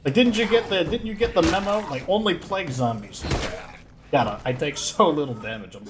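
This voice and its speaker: A man hosting a let's play, commenting in an excitable, rambling way and filling his talk with "like". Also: fairly high pitch, a little fast, background noise. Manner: excitable, rambling, heavy use of "like". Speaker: gaming channel host.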